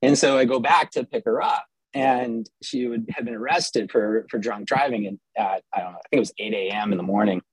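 A man's voice: medium pitch, animated, brisk, slightly rough, no echo, rough recording. A middle-aged man from Southern California telling a personal story with wry, self-mocking humor and frequent restarts.

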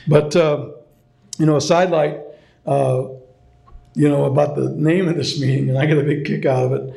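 A man's voice: a little high, fairly even intonation, moderate pace, creaky, dark tone. A middle-aged man sharing a personal story at a recovery meeting, rambling with many fillers and restarts. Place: meeting room. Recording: echoey meeting room.

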